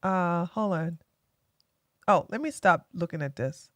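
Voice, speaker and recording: A woman's voice: fairly low pitch, a little slow, fairly bright tone, dry recording. A woman hosting a live stream, giving chatty, sarcastic commentary that rambles along. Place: home in Georgia.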